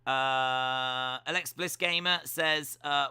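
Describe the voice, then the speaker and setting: A man's voice: mid-range voice, lively intonation, a little slow, pushed and bright, no room sound. A young man hosting a casual watch-along stream, reading chat messages aloud with playful, teasing, self-mocking banter.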